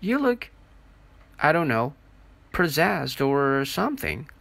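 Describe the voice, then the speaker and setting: A fussy teenage girl eager to please, pitched up high and fretful, as a male narrator voices her. The tone is bright and lively, recorded close and dry. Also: slow pace, gravelly, no room sound, exaggerated voice. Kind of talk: audiobook reading.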